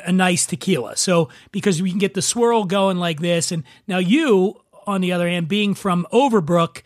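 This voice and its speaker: A man's voice: high-pitched, moderate pace, no echo, studio quality. A man with a Philadelphia accent hosting a podcast, chatting casually with a guest over drinks. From Philadelphia, USA. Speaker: podcast host. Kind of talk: casual chat.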